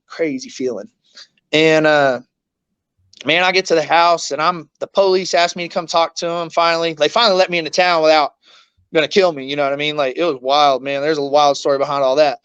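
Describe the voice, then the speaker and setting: A man's voice: fairly high pitch, a bit bright, clear, resonant tone, no room sound, muffled recording. A man, an interview guest telling a painful story in raw, blunt words, swearing often and acting out what others said.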